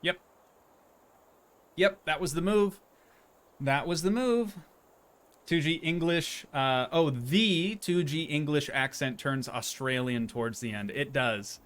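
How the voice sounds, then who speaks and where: A man's voice: medium pitch, a bit bright, clear, resonant tone. A young man chatting casually as he streams a game, rambling and poking fun at himself. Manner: rambling, chatty, self-deprecating. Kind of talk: casual gameplay commentary.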